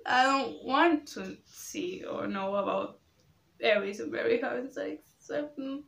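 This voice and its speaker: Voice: mid-range voice, takes it slowly, vocal fry, a bit bright. Rambling vlogger, roomy sound. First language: Spanish. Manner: rambling, restarts a lot, gets worked up when ranting. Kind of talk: casual opinion chat.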